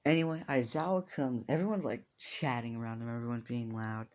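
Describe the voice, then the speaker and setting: A man's voice: medium pitch, fairly even intonation, fairly quick, dull audio. Rambling, profane man telling a story. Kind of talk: improvised fan-story narration.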